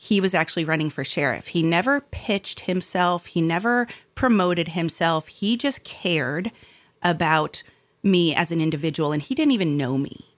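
A middle-aged woman telling her life story in a relaxed conversation, acting out the voices of the people she quotes. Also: lowish voice, moderate pace. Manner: animated, acts out quoted voices.

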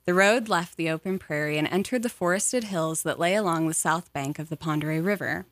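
A woman narrating a memoir audiobook in a measured, even storytelling manner. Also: fairly low pitch, no room sound.

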